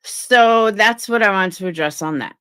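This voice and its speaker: A woman's voice: medium pitch, moderate pace, pushed and bright, smooth. A woman on a live stream telling a story and ranting bluntly, with swearing. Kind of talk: casual live-stream rant.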